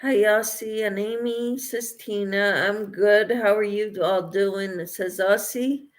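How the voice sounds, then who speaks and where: Slow, relaxed woman crocheting on a livestream. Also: mid-range voice. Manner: slow, relaxed, reads viewer comments and answers them. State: getting tired late at night. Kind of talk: casual livestream chat, reading comments aloud.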